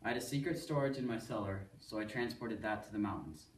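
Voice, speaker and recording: A man reading a first-person poem aloud as a student, in a steady, earnest storytelling delivery. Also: on the low side, fast talker. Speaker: student reader. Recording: echoey room, voice from far off.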